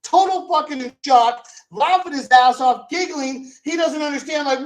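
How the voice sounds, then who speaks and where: A man's voice: very high voice, a little slow, hardly any pauses, low-quality recording. A man hosting a vlog who rants angrily and profanely, repeating himself as he argues. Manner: angry, profane, repetitive ranting. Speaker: video host. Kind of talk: profane ranting vlog commentary.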